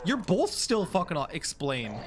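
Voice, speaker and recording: A game streamer giving casual live commentary, giggly and excitable, talking directly to chat. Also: mid-range voice, normal speed, noisy background.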